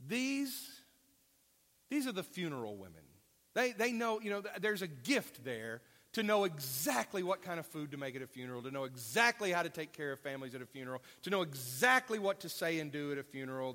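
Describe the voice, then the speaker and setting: A man's voice: on the high side, sing-song, a little fast, pushed and bright. A man preaching a sermon in a conversational way, asking the congregation questions and adding offhand asides. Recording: long reverb of a large hall.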